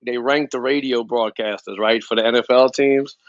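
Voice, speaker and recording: A man's voice: medium pitch, fairly even intonation, moderate pace, dry recording, lo-fi sound. A male co-host in casual fan-show talk, laid-back, swearing and full of fillers.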